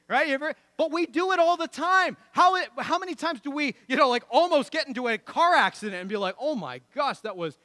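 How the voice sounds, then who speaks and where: A male pastor delivering a sermon with a high, bright voice that sits well above most men's. He talks in a loose, animated, conversational way, tossing in asides and chuckles. The sound is close and dry, with little room echo. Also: fast, hardly any pauses. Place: church.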